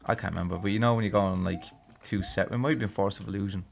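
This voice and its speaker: A man's voice: sits low, fairly even intonation, very fast, creaky. A young Irish man bantering dryly with a friend during a video game playthrough. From Ireland. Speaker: let's-play co-host. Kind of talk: casual gameplay chat.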